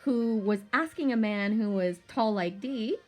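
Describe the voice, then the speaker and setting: Woman vlogger, casual profane storyteller, mid-pitched voice, faint music underneath. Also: measured pace. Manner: profane, rambling, animated storytelling.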